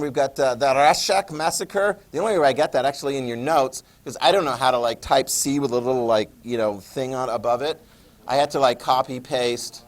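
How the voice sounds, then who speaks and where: A man teaching a history class, casual and joking, asking students questions. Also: mid-range voice. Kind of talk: classroom lecture.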